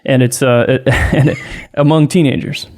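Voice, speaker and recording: A man's voice: mid-range voice, steady tone, moderate pace, a little mellow. A man hosting a podcast, chatting casually in loose, rambling phrasing and chuckling often. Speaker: podcast host.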